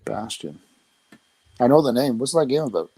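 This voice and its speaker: A man's voice: medium pitch, animated, moderate pace, mellow, breathy edge, no echo. A man co-hosting a podcast from his phone over a call, asking puzzled questions in casual chat. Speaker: podcast co-host. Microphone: phone on a remote call.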